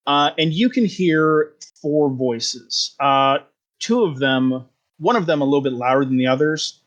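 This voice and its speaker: A man's voice: on the high side, lively intonation, unhurried. Hesitant man narrating a tabletop game. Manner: hesitant, filler-heavy. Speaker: game master.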